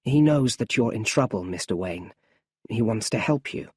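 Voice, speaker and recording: A man voicing a stern, mysterious male mentor in an audiobook story, with firm, measured speech. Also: on the low side, lively intonation, darkish tone, a little hiss or hum, natural voice.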